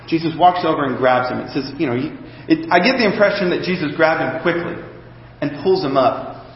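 A man's voice: fairly high pitch, a little hiss or hum. A male pastor giving a sermon in a conversational way, often checking in with his listeners through rhetorical questions. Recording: echoey hall, dull lo-fi sound.

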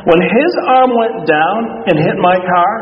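A middle-aged man preaching a sermon, telling candid, self-mocking stories from his own life. His voice sits a little high for a man, and it rings through a large hall from a distance. The sound is somewhat dull. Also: expressive, measured pace, crowd noise. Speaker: pastor. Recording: echoey hall from far off, dull.

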